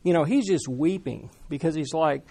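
A man preaching a sermon in a conversational, animated way, talking with the congregation. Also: fairly high pitch, moderate pace, creaky, slightly rough. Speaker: pastor.

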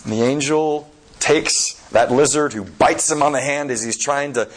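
A man preaching at a middling pitch, retelling a story with halting fillers between his words. He slows down to lean on key words. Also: rough recording. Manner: hesitant, with many fillers and slow emphatic phrasing.

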